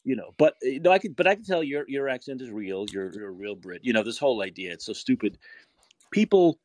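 A man's voice: mid-range voice, sing-song, a little fast, darkish tone, dry recording. An American man with a New York accent, hosting a podcast and chatting in a rambling, repetitive way. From United States. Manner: chatty, rambling, repeats himself. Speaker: podcast host. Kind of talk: casual podcast chat.

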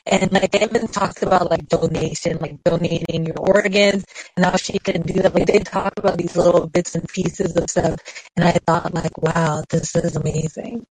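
A woman's voice: on the low side, fairly even intonation, normal speed, a little mellow, breathy edge. A woman calling in to a podcast, chatting casually and gushing with laughs and gasps. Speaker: caller. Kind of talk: casual chat. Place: closet. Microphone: phone app call.

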